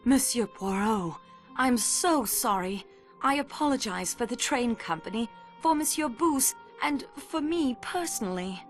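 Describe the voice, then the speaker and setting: A woman's voice: a little high, lively intonation, a little slow. An actress playing an earnest young female train company investigator, polite and eager. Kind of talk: game voice acting. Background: game music.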